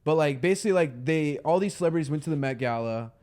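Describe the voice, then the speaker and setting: A man's voice: on the high side, animated, quick pace, darkish tone. Rambling young man, casual podcast chat. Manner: rambling, filler-heavy, says "like" a lot. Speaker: podcast co-host.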